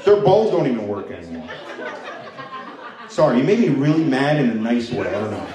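Crude stand-up comic, echoey club. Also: male voice, medium pitch, big pitch swings, fairly quick, crowd noise. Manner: crude, laughing at own jokes. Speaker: stand-up comedian. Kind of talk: stand-up set with crowd work. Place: comedy club stage. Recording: echoey room, mic from distance.

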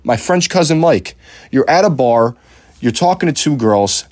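A man's voice: medium pitch, expressive, moderate pace, darkish tone, no echo, clean studio sound. A young man hosting a podcast in loose, rambling casual chat, swearing freely and filling his talk with "uh" and "you know" and restarts. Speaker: podcast host.

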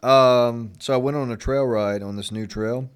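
A man's voice: medium pitch, fairly even intonation, normal speed, clear, resonant tone. A young man from Florida in a casual vlog chat, rambling and sarcastic, full of fillers. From Florida, United States. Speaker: vlogger.

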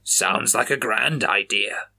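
A man's voice: fairly low pitch, slow pace, vocal fry, pushed and bright, slightly rough, heavily acted. A man voicing a nervous, frightened male police officer in an audiobook, with an anxious, whiny delivery. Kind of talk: audiobook character voice.

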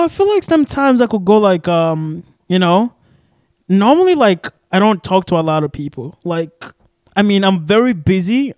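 A young man from Arizona hosts a casual solo podcast from a shared studio office, rambling with lots of fillers and cursing. His voice is high and a little mellow, with no room sound on the recording.

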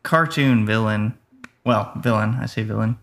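A man co-hosting a casual movie-review podcast, speaking in a dry, matter-of-fact way with many pauses. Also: fairly low pitch, fairly bright tone. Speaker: podcast co-host.

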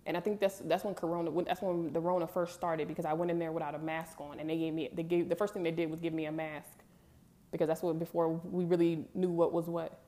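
A young vlogger recounts a personal story to camera at a quick pace, her low voice mellow and level. She comes across as candid, emphatic and chatty with her viewers.

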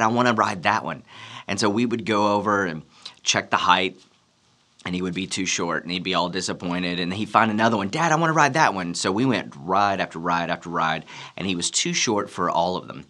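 A man's voice: deep voice, steady tone, a little fast, sharp tone. A man preaching a sermon as a pastor, telling a story and acting out the voices in the dialogue.

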